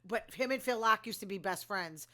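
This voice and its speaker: Bright-voiced chatty woman dishing gossip. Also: medium pitch, animated, normal speed. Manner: chatty and opinionated, many fillers and asides. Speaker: host recapping reality TV. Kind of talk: casual gossipy commentary.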